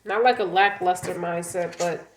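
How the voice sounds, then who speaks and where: A woman reads tarot cards in loose, blunt talk, swearing freely and slipping into the voice of the listener's partner. Her voice sits a little low. The room around her is echoey, with faint noise behind her. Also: moderate pace. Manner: blunt, profane, speaks as the client's partner. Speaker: tarot reader. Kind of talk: casual tarot reading.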